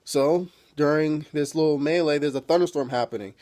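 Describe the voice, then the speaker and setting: A man's voice: on the high side, brisk, darkish tone. Rambling man with lots of filler. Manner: rambling, filler-heavy, swears freely. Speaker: TV episode reviewer. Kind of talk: casual spoken recap.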